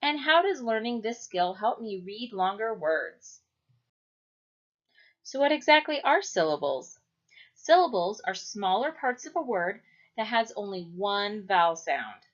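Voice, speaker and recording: A woman teaching a children's phonics lesson, speaking clearly and drawing out each syllable. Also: mid-range voice, animated. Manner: slow, clear, stretching out syllables. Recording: dull lo-fi recording.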